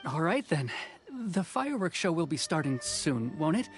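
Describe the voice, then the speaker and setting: An actor playing a calm, easygoing young boatman in a game. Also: a little high, normal speed, over music. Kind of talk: game voice acting.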